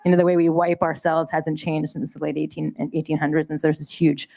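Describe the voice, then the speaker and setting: A woman's voice: low voice, level tone, brisk, gravelly, warm tone. A woman from Canada speaking on a conference panel, bubbly and rambling, laughing often. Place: conference stage.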